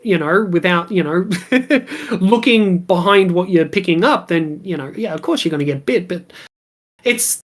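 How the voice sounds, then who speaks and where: A woman's voice: on the low side, expressive, unhurried. A woman chatting casually as a podcast guest, rambling with many fillers and frequent laughs. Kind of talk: casual chat. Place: lives in Australia.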